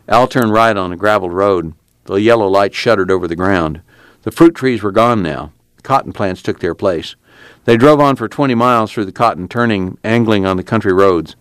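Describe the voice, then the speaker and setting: A man narrating an audiobook in a plain, steady reading. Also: lowish voice, normal speed, smooth, dry recording.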